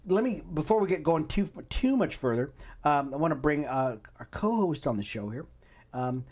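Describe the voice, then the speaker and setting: A man's voice: fairly high pitch, darkish tone. A middle-aged man hosting a podcast, chatting casually and telling stories with frequent laughs. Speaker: host.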